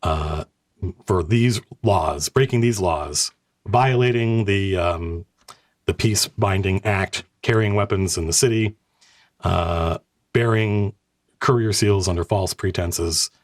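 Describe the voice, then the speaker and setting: A man voicing a proud, resolute noblewoman leader in a tabletop game, speaking gravely and defiantly. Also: deep voice, takes it slowly, dry recording, clean studio sound. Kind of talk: tabletop game role-play.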